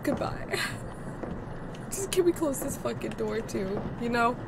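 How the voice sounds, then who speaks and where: A high-voiced woman commentates a horror game, frightened and screaming as she goes. She drags her words out slowly and swears often. A clear layer of noise runs under her home stream recording. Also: expressive. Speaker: gaming streamer.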